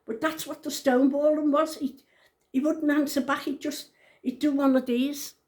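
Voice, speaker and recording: A woman's voice: high-pitched, level tone, normal speed, darkish tone. Blunt, outspoken woman in her sixties. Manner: blunt and outspoken, swears freely; emphatic, repeats points. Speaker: vlogger. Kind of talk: casual storytelling to camera.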